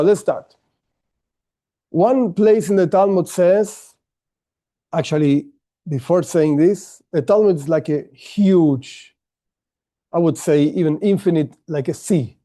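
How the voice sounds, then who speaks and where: A man gives a class in a high, soft, mellow voice. He explains patiently, circling back and rephrasing as he builds his point. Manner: explains step by step with frequent restarts and rephrasings. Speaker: teacher. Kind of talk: online class lecture.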